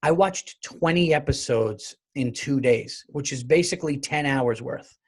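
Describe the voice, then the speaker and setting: A man hosting his own comedy podcast, talking solo in an animated, rambling, jokey way with some swearing. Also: mid-range voice, unhurried, slightly rough. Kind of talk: casual solo podcast monologue.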